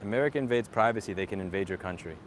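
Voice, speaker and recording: A man's voice: lowish voice, rapid-fire, a little hiss or hum. A man talking casually and sarcastically while walking outdoors, ranting with profanity and dry jokes. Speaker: tech streamer.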